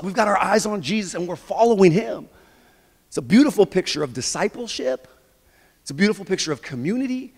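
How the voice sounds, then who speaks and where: Pastor preaching, kinda high voice, swings all over, big church echo. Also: male voice. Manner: animated preaching, shifts between quiet and loud. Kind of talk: sermon. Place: church sanctuary.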